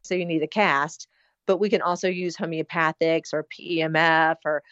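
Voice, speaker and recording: A woman's voice: low-pitched, level tone, normal speed, fairly bright tone, no echo. Earnest rambling woman, dull lo-fi. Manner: earnest, rambling, many fillers. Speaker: interview guest planning a hospital. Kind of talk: casual interview talk. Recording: dull lo-fi sound.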